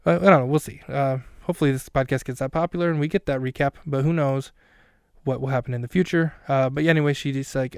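A man's voice: mid-range voice, fast, darkish tone, smooth, dry recording, clean studio sound. A man hosting a podcast who recaps a film scene by scene in a rambling, self-mocking way with plenty of fillers. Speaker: podcast host.

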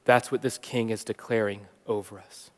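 A man preaching a sermon, swinging from soft and hushed to loud and emphatic. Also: lowish voice, steady tone, moderate pace. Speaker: pastor teaching. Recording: long reverb of a large hall.

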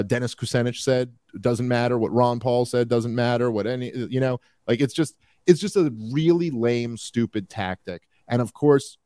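A man's voice: mid-range voice, no echo. A man hosting a podcast, talking in loose, rambling bursts, full of fillers and restarts. His voice sits in a middle register, and the sound is dry and close to the mic. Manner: rambling, animated, frequent fillers. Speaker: podcast host. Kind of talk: casual political commentary.

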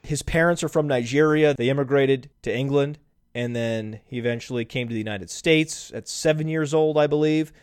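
A man hosting a podcast in casual analytical chat, brisk and stats-heavy with jokes thrown in. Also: medium pitch, smooth, no echo, clean studio sound. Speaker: podcast host.

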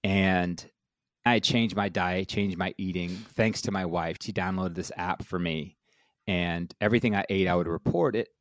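A man's voice: deep voice, fairly even intonation, normal speed, dry recording, clean studio sound. A man in his forties, a guest telling his story candidly and acting out quoted voices with animation. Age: 40s.

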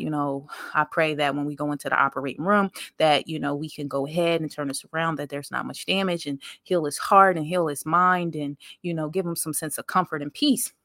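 A woman's voice: sits low, steady tone, fairly quick, hardly any pauses, a bit bright, no room sound, studio quality. A woman podcast host speaking, telling a story in a conversational, emphatic, faith-filled way and talking straight to her listeners. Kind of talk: casual storytelling monologue.

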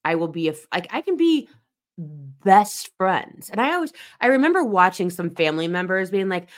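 A woman in her forties with a low-pitched voice talks through a personal reflective monologue. She is earnest and emphatic, and she repeats key phrases to press her point home as a host addressing her listeners. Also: sing-song, moderate pace. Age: 40s.

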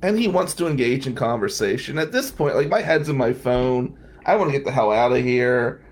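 A man's voice: mid-range voice, expressive, a little fast. A man from New Jersey, a defense lawyer, telling a wry, self-mocking story in a casual podcast chat.

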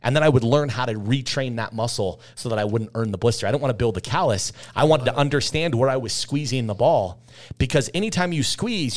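A man in his thirties, a podcast guest telling candid stories in an intense, emphatic way, repeating phrases for weight. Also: medium pitch. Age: 30s. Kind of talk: candid conversational storytelling.

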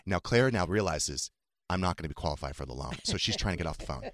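A man's voice: low-pitched, animated, fast, fairly bright tone, no echo. A man hosting a podcast, telling comic stories in casual chat with a dry, teasing delivery. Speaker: podcast host.

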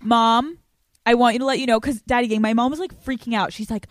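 A woman's voice: on the high side, steady tone, fast, dry recording. Brash, profane young woman podcast host. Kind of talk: casual podcast chat.

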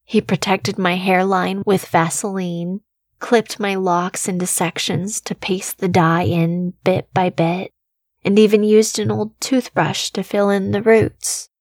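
A woman reading a scripted horror story in the first person, slow and measured, with a quiet tension running through her storytelling. Her voice sits close to the mic in a dry, dead space. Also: medium pitch, little pitch movement, no room sound. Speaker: narrator.

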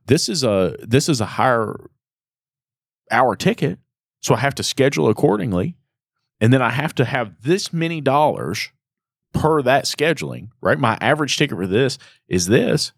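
A man's voice: medium pitch, very animated, moderate pace, vocal fry, husky, dry recording, studio quality. A man talking through repair shop pricing and scheduling, checking in with "right?" after each point. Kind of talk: casual business chat.

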